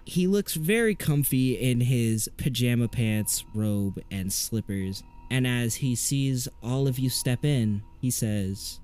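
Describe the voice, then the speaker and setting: A man narrating a tabletop game as game master, in a relaxed, descriptive way. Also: mid-range voice, takes it slowly, few pauses, smooth, soft background music.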